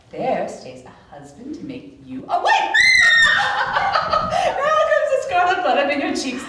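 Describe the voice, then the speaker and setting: A fussy old nurse, chatty and teasing, played by a woman on stage. The voice sits high and swings widely in pitch. It comes from a distant camera mic with heavy echo and a faint hiss. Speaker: stage actor. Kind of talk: live outdoor Shakespeare performance.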